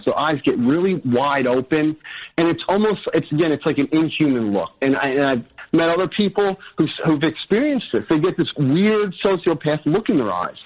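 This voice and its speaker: A man's voice: a little high, highs cut off. Earnest, rambling man with a raised voice. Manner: rambling, with many restarts and tangents; earnest, frequent "you know". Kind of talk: casual personal storytelling.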